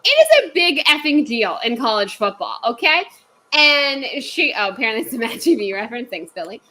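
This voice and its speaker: A woman's voice: a little high, lively intonation, brisk, sharp tone, low-quality recording. A woman in her thirties telling a work story in casual, profane, ranting chat as a podcast co-host.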